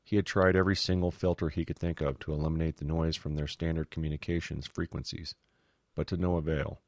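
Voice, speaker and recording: Male audiobook narrator, very deep, steady read. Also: fast, no echo, clean studio sound. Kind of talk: scripted narration.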